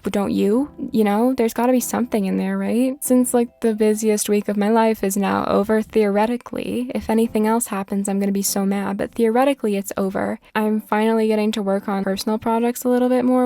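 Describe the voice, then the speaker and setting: A woman's voice: medium pitch, vocal fry, mellow. A woman chatting casually while playing a life-sim game, rambling from topic to topic, sarcastic, swearing at the game now and then. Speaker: gaming vlogger.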